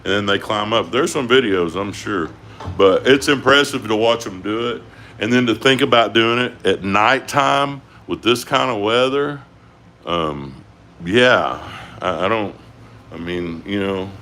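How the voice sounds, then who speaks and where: A man's voice: lowish voice, unhurried, pushed and bright. A man chatting in a rambling, folksy way on his livestream. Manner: rambling, folksy, lots of restarts. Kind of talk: casual rambling chat.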